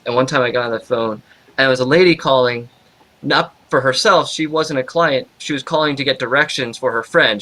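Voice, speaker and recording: Bright-voiced male Christian therapist. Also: mid-range voice, low-quality recording. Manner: lively storyteller, laughs easily. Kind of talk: casual chat.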